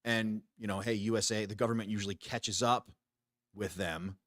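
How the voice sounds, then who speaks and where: Blunt swearing veteran man, low voice. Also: steady tone, normal speed, fairly bright tone, dry recording, studio quality. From United States. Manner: blunt, swears freely, restarts sentences. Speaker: podcast host. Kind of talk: casual profane talk show rant. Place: small home studio.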